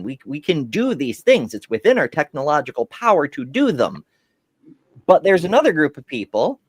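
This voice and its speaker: A man chatting casually on a podcast panel, swearing freely and telling stories with animated energy. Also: fairly high pitch, no room sound. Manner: profane, animated storytelling. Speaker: podcast co-host.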